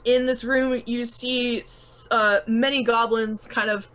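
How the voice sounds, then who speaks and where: A woman's voice: on the high side, fairly even intonation, slow, a bit bright, slight background noise, poor audio. A woman running a tabletop game, describing the scene in a chatty way with many fillers and laughs. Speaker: game master.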